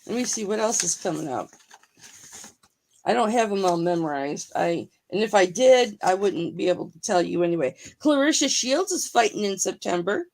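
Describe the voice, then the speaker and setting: A woman's voice: medium pitch, lively intonation, moderate pace, creaky, darkish tone. A woman guest on a casual livestream chat, talkative and keen on boxing. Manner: talkative, enthusiastic about boxing.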